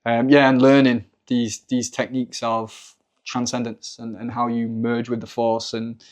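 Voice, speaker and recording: A man's voice: mid-range voice, monotone, unhurried. A man chatting as a podcast guest, talking thoughtfully in a rambling way with many fillers. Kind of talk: casual spiritual discussion.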